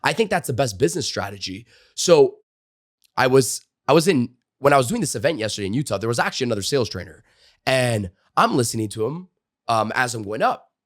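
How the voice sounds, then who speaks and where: A man's voice: mid-range voice, brisk, dry recording. Male sales coach guest on an interview show, storytelling with energy, casual fillers, mid-range voice, dry close-miked sound. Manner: animated storyteller, frequent "like" and "you know" fillers. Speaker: sales trainer and author, podcast guest.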